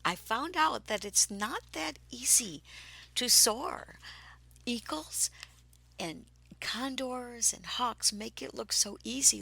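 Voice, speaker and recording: A woman telling a personal spiritual story, slow and breathy, sometimes dropping to a whisper and sometimes turning emphatic. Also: fairly high pitch, low-quality recording. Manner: grows excited and emphatic.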